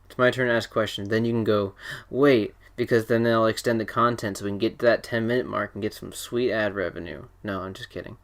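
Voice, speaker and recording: A man's voice: fairly low pitch, steady tone, fast, gravelly, few pauses, a bit bright. A teenage boy hosting a casual podcast chat, rambling and joking with lots of fillers and restarts. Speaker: podcast host.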